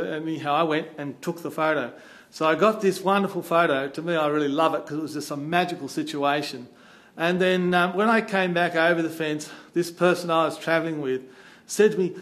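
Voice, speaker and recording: A man from Australia with an Australian accent, telling a travel story in a chatty, animated way. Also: fairly high pitch, brisk. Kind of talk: casual anecdote.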